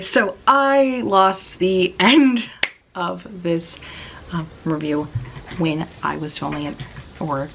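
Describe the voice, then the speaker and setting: A woman with a fairly low, slightly bright voice tearfully gushes about a favorite romance novel in a casual book review vlog. Her talk is heavy with fillers and whispered asides, and there's slight background noise.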